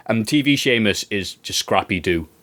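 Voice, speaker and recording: A man co-hosting a wrestling review, chatting casually in an animated, ranting way and swearing freely. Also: fairly low pitch, normal speed. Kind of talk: casual chat.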